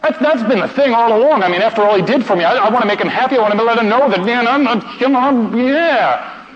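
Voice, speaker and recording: A man preaching through a story, stammering and repeating himself, swinging between hushed and excited delivery. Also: extremely high pitch, fast talker. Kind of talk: sermon storytelling. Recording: reverberant hall, dull muffled sound, faint noise.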